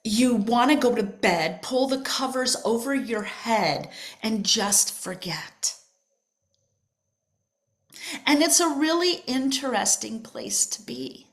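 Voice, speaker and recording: An older woman hosting a podcast, telling a personal spiritual story in a soft, emotional way that drifts into whispers. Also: fairly high pitch, lively intonation, unhurried. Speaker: podcast host.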